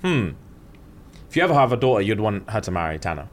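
A young man, co-hosting a casual podcast. He tells stories with plenty of slang and acts out every quote, and his pitch moves a lot. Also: quick pace, slight background noise. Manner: animated storytelling, acting out quotes with slang. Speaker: podcast co-host. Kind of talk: casual chat.

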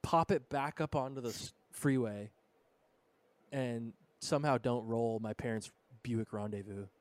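A man's voice: mid-range voice, measured pace, no room sound. A man in his thirties, a podcast co-host, telling a road story in a casual, laid-back way with lots of "dude" and "bro". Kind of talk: casual chat.

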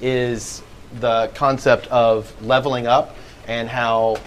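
A man's voice: mid-range voice, little pitch movement, slow pace, slight background noise, rough recording. A man co-hosting a live podcast, telling a story in a laughing, goofy way. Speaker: podcast co-host. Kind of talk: casual live podcast chat. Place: live event venue.

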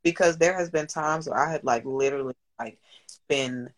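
Speaking at normal speed in a deep voice, a woman in her thirties guests on a podcast and talks frankly and at length. She's a business owner and single mother who curses freely and becomes emotional; the recording is rough.

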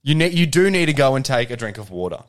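A man's voice: medium pitch, very animated, fast. A young Australian man co-hosting a podcast in casual, joking chat, swearing freely. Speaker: podcast co-host.

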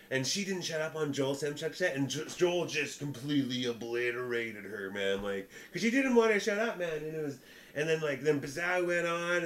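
A young man telling a rambling, animated story in casual chat, often breaking into laughter. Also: on the high side. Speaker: podcast co-host, comedian.

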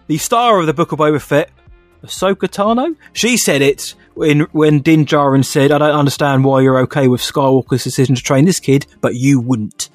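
A man's voice: a little high, normal speed, no room sound, faint music behind. A man co-hosting a casual podcast, quizzing his co-host in a playful, teasing way. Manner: playful, teasing, laughs often.

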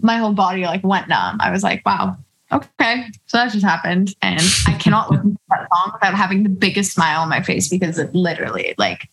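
A woman's voice: on the low side, very animated, quick pace, few pauses, a bit bright, slightly rough, rough recording. A young woman, a musician being interviewed, telling stories in casual chat full of "like" and quoted asides. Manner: bubbly, storytelling with lots of "like" and quoted asides. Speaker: musician guest.

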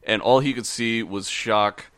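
Casting note: podcast host, low smooth male voice, rambling storyteller, dry mic. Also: measured pace, fairly bright tone, dry recording. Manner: rambling, many fillers and restarts. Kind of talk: casual storytelling chat.

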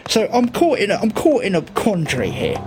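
A man telling an improvised comic tall tale, rambling with stumbling restarts and deadpan swearing. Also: high voice, brisk, music in the background.

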